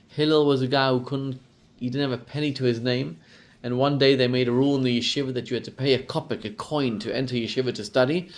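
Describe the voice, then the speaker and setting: A man, a rabbi giving a storytelling sermon who acts out the quotes with lively rises in pitch and volume. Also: moderate pace.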